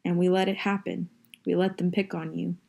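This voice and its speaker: A woman's voice: fairly low pitch, level tone, brisk, vocal fry, a little mellow. Woman reading as an earnest male teacher. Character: earnest middle-aged male schoolteacher, intense.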